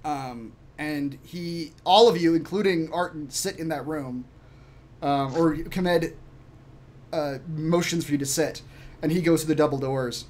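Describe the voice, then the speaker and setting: A man runs a tabletop game as game master, narrating in a relaxed way with plenty of fillers. His voice sits a little higher than most men's. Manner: relaxed, with frequent fillers and laughs.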